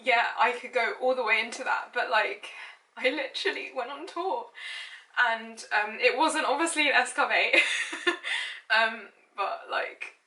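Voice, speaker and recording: A lifestyle blogger in her late twenties reads her childhood diary aloud, chatty and poking fun at herself, giggling now and then. Her voice sits fairly high, with an unhurried pace and a sharp tone. The mic is set back in an echoey room, so she sounds distant.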